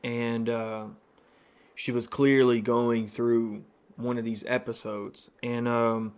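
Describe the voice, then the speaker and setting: A man in early adulthood recounts his own experience as host of a personal podcast. He talks in a loose, candid way, full of fillers and asides. His voice sits at a middling pitch. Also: little pitch movement, slow pace, clean tone. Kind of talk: personal storytelling monologue.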